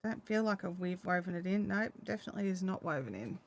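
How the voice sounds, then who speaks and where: A woman's voice: lowish voice, expressive, fast talker. An Australian woman chatting to herself and her dog while knitting in a casual crafting vlog. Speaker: crafting vlogger.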